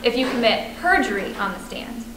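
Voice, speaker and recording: A woman's voice: fairly high pitch, big pitch swings, moderate pace. A woman law student practicing a cross-examination, asking firm, pointed questions. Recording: echoey room with background noise.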